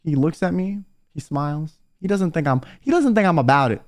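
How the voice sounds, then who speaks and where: Animated young man ranting a story. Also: a little high, brisk. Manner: animated, exasperated, swings between loud and mumbled. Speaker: vtuber storyteller. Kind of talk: casual storytime rant.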